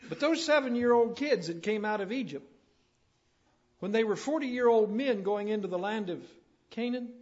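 A man preaching a sermon in a folksy, storytelling way that rises to emphatic declarations. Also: sits high. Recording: dull lo-fi sermon recording.

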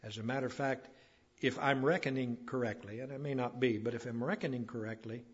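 A man preaching a sermon, building to emphatic peaks and then dropping low. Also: steady tone, a little fast, husky. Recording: dull lo-fi recording.

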